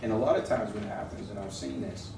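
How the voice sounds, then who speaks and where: Storytelling pastor in a roomy hall. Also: male voice, lowish voice, fast, gravelly. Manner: storytelling, jokey, prompts the congregation to answer. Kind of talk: conversational sermon. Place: church sanctuary. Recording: roomy, distant mic with noise.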